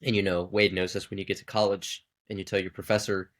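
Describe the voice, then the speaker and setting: A man's voice: deep voice, level tone, fast talker. A man who is a podcast guest and musician, chatting casually and reflectively, searching for the right words. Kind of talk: casual chat.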